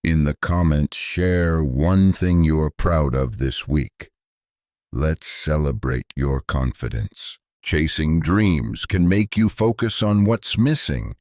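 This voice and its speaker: A man delivering a scripted motivational speech in a slow, deliberate, emphatic way. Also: extremely low pitch, a little mellow, dry recording, clean studio sound. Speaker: motivational speaker.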